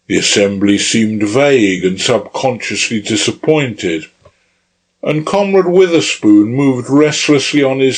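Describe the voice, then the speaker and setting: Slow, measured male audiobook narrator. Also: medium pitch, rough recording. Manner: measured, deliberate reading. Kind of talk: scripted narration.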